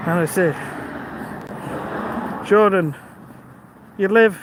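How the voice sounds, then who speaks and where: A man's voice: sits high, moderate pace, pauses often. A man, chatting on a live stream while walking outdoors and reading out viewer comments. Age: 50s. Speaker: vlogger. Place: outdoors by a busy road in the evening. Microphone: phone held while walking. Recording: outdoor phone recording with traffic noise.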